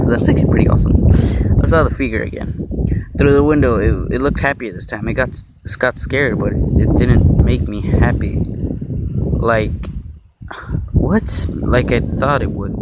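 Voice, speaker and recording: A man's voice: medium pitch, noisy background. Man mock-reading a horror story. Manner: joking asides and laughs between narration. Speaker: story reader.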